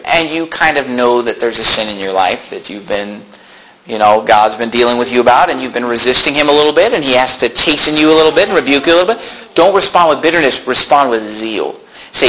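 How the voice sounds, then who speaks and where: A man's voice: on the high side, noisy background. A man preaching a sermon as pastor, talking conversationally, often laughing and acting out complaining voices.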